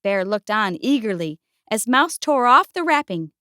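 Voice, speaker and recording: A woman gently and expressively reading a picture book aloud. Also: on the high side, big pitch swings, moderate pace, no echo, clean studio sound. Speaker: storyteller.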